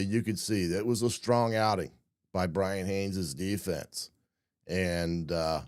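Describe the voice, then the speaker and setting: A man with a deep, low voice that has gone hoarse walks through football game film in a casual way. He clears his throat often and leans on "uh" and "um" as he talks. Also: darkish tone, no room sound, clean studio sound. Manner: frequent throat clearing, many fillers. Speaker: football analyst host.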